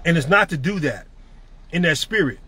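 A man's voice: fairly high pitch, animated, normal speed, pushed and bright, slightly rough. A middle-aged man giving a profane, emphatic motivational rant to his network marketing team.

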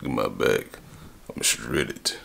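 A young man vlogging his morning routine in a casual, slangy and rambling way, his voice husky and groggy from just waking up. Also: rumbling low, takes it slowly, fairly bright tone. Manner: slangy and rambling, self-correcting. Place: home bathroom. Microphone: camera on a tripod.

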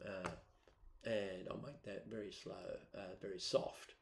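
A man's voice: sits low, steady tone, measured pace, very noisy. Chatty man walking students through steps. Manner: chatty, step-by-step explaining. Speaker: music teacher. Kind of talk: software tutorial for students. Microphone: built-in laptop microphone. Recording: roomy echo.

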